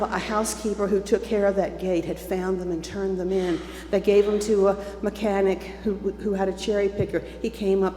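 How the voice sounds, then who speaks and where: A woman's voice: mid-range voice, mellow. A woman in her seventies telling a personal story to a church congregation, acting out the voices of the people in it. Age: 70s. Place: church sanctuary. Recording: echoey church hall with faint hum.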